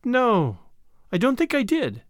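A man reading a storybook, putting on a high, excited voice for an eager young woman adventurer. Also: slow pace, no echo, clean studio sound, heavily acted. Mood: unsure.

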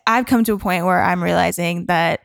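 A woman's voice: fairly low pitch, vocal fry, no room sound, clean studio sound. A young woman, a songwriter guest, chatting casually and laughing often on a podcast. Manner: bubbly, giggly, quick to laugh.

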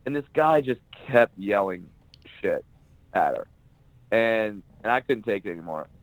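A man's voice: fairly low pitch, expressive, measured pace, no echo, phone-quality sound. Blunt, profane man telling comedy stories. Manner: profane, blunt and joking, acts out quoted people. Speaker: stand-up comedian guest. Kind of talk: casual podcast interview, storytelling.

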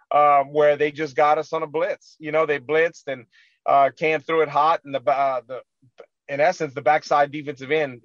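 A man's voice: on the high side, no echo, dull audio. A man co-hosting a sports radio show, earnestly recapping a football loss with frustration and lots of fillers.

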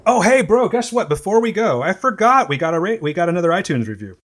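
A man's voice: high voice, sing-song, quick pace, fairly bright tone. Rambling, foul-mouthed male podcast host. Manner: loose, profane and rambling. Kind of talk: casual podcast chat.

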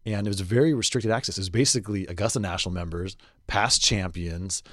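A middle-aged man, a golf reporter co-hosting a podcast, chatting casually and telling lively anecdotes with quick asides. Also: sits low, no room sound, studio quality.

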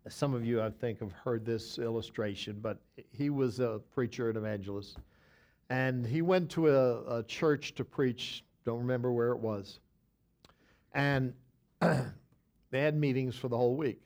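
A man's voice: mid-range voice, a little slow, darkish tone. Man teaching Bible study in folksy style. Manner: conversational, with frequent restarts and repeated words.

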